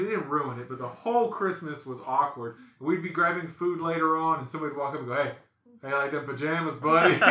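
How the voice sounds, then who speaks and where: A man, hosting a casual podcast and telling stories, acting out quotes with animated voices. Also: on the high side, echoey room. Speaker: podcast host. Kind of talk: casual storytelling chat.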